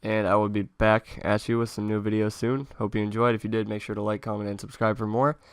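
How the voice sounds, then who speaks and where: A man's voice: on the low side, quick pace, slight background noise. Young guy telling a story with a laugh. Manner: laughing through an animated anecdote, casual swearing. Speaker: YouTuber. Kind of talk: casual storytime vlog.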